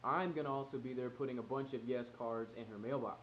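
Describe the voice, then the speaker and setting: Young guy talking to camera, earnest and excited, kinda muffled home-video sound. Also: medium pitch, fast, slight background noise. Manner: earnest and excited, reads a heartfelt letter softly. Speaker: vlogger planning a proposal. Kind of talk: casual direct-to-camera talk.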